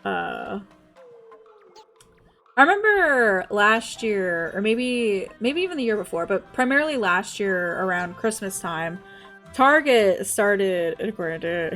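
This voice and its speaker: A woman's voice: mid-range voice, big pitch swings, slow, a bit bright, soft background music. A young woman from the States, chatting casually as a game streamer, laughing often and swearing freely. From Southern United States. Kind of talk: casual chat while gaming.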